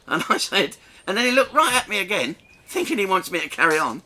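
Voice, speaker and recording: A middle-aged man telling a crude, self-mocking anecdote in an animated way, laughing between lines. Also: fairly high pitch, moderate pace. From England. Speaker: comedian telling a story. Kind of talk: storytelling anecdote.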